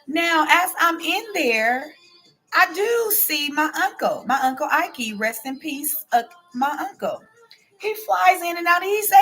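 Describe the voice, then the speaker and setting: A woman's voice: high-pitched, animated, a little slow, bright, forceful tone, soft background music. A woman in her forties hosting a casual show, telling a story to her viewers and answering their comments aloud, often adding "okay?" and "baby". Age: 40s. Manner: chatty, peppers talk with "okay?" and "baby". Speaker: host.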